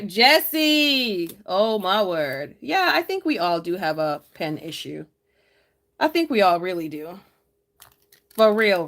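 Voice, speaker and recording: A woman's voice: fairly low pitch, a bit bright. A woman, chatting casually with her live chat as she decorates her planner, teasing viewers and laughing often.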